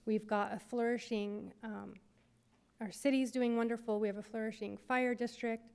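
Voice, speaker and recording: A woman giving earnest, community-minded remarks at a council meeting, with many "um" pauses. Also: a little high, fairly even intonation, creaky, darkish tone, clear, resonant tone. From United States.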